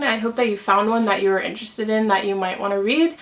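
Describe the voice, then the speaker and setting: A woman's voice: fairly high pitch, brisk, noisy background. A young woman, chatting casually and gushing about books she loves, full of "like" fillers. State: out of breath. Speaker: book vlogger. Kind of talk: casual book recommendations.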